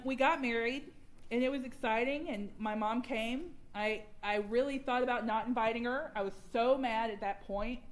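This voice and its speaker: A young adult woman, candidly sharing her personal recovery story at a workshop and laughing at herself now and then. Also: on the high side. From Georgia, US.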